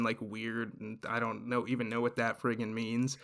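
A man's voice: medium pitch, flat delivery, moderate pace, fairly bright tone. A man casually retelling a show's story on a podcast, rambling with lots of fillers. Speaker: podcast host recapping a show. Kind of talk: casual chat.

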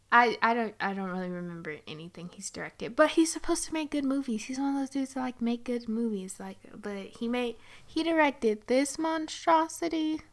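A woman's voice: fairly high pitch, fairly bright tone. A young woman giving a casual movie review, chatty and sarcastic, with frequent giggles and rambling asides.

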